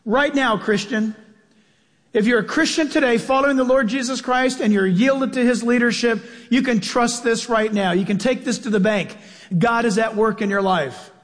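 A man's voice: very high voice, normal speed. A man preaching a sermon as a pastor, in an emphatic, conversational manner with repeated phrases, in a church. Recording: long reverb of a large hall.

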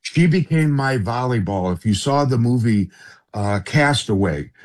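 Middle-aged man, interview guest, earnest, halting, personal storytelling, mid-pitched voice. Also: animated, darkish tone. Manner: earnest, halting, often addresses the host by name.

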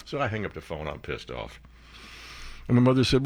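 A man's voice: lowish voice, very animated, a little fast. A man, a talk radio host telling a rambling story full of fillers. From the Bronx, New York.

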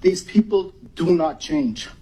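Urgent, husky man born in Iran. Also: a little high, slow, dark tone, poor audio. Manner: urgent, emphatic, warning. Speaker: public commenter. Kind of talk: impassioned public comment speech.

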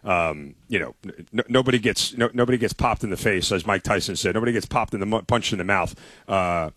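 A man's voice: fairly low pitch, a little fast, fairly bright tone, no room sound. A man co-hosting a casual sports talk show, telling stories with enthusiasm and repeating himself. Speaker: co-host.

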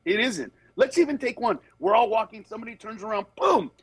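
A man who works as a stand-up comedian, telling stories in a casual conversation. He acts out other people's voices and turns earnest and measured on serious topics. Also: sits high, lively intonation, slightly rough, no room sound.

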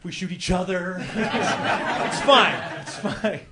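A man's voice: high-pitched, slow. A man in his forties from the Chicago area doing a rambling, self-deprecating stand-up set, laughing through his lines. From Chicago area, USA. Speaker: stand-up comedian. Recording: live club mic with crowd noise.

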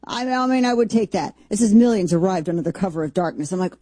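A woman's voice: fast talker, hardly any pauses, slightly rough, dry recording. Sarcastic lady hosting, jumps up into squeals, dry close sound. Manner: animated, mocking, jumps into high excited squeals. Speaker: host. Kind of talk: sarcastic commentary.

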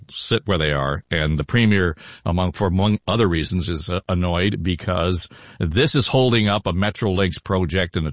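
A man hosting a casual political podcast in a chatty, relaxed way. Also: sits low, no echo. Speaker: podcast host. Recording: dull, dry.

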